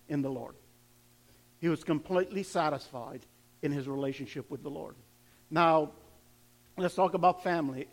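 A pastor with a high voice delivers a sermon to his congregation in a loose, conversational way. He tosses questions to the room and repeats words as he builds up a point.

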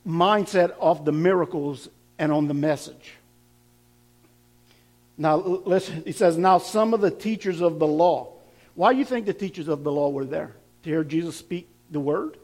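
Preacher guy, pretty high voice, keeps hammering the same line louder. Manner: builds to emphatic repetition, with laughs and asides. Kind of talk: sermon.

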